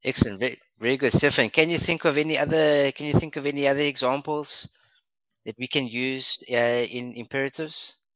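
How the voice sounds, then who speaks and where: Bright, encouraging male podcast co-host. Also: medium pitch, steady tone, dry recording, rough recording. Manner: encouraging, praises often, fills pauses with uh. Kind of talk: podcast lesson.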